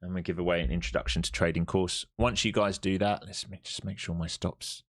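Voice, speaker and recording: A lowish-voiced man running a live trading stream. He talks in a brash, sweary way and taunts his chat, then switches to urgent cheering at the chart. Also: steady tone, fairly quick. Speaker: live-streaming day trader.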